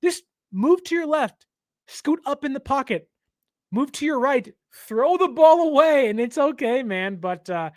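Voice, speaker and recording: A man hosting a team show, giving a casual, jokey, animated breakdown of a football game. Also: extremely high pitch, measured pace, dry recording, clean studio sound. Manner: animated, jokey, lots of fillers. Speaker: team podcast host.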